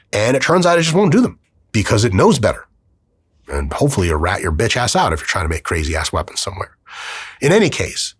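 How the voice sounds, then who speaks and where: Male podcast host, solo monologue, husky and lively, dry close sound. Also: medium pitch, no room sound. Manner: animated, profane, acts out quick voices in his story.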